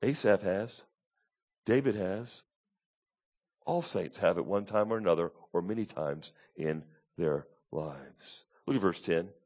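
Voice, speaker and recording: A man preaching a sermon, drops to low, quiet asides, then rises to loud, high, pleading tones as he voices the psalmist. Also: a little slow. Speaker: pastor.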